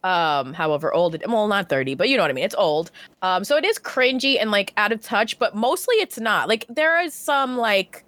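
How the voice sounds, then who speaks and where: A woman chatting casually on a podcast, enthusiastic and quick to agree. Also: medium pitch, animated, a bit bright, no echo. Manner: enthusiastic, many agreeing replies. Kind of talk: casual chat.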